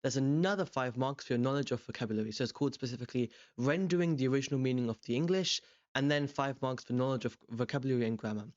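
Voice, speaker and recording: A young man tutoring, walking through an exam question in a relaxed, rambling way with many ums and self-corrections. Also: mid-range voice, quick pace, no room sound, muffled recording. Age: young adult. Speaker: language tutor. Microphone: desk microphone beside a webcam.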